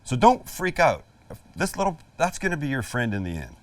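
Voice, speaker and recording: A man's voice: medium pitch, very animated, brisk, dry recording, recorded from a distance. A middle-aged man hosting a casual cooking demonstration in his backyard, chatty, jokey and emphatic. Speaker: cooking show host. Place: outdoor backyard kitchen.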